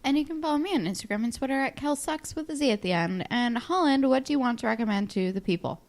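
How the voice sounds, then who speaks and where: A young woman co-hosting a podcast, chatting quickly and casually. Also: fairly high pitch, lively intonation. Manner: quick, chatty, laughs easily. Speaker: podcast co-host. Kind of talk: casual chat.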